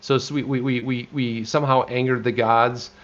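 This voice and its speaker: An American man co-hosting a casual live stream, rambling and animated with frequent restarts. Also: mid-range voice, moderate pace, highs cut off. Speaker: co-host.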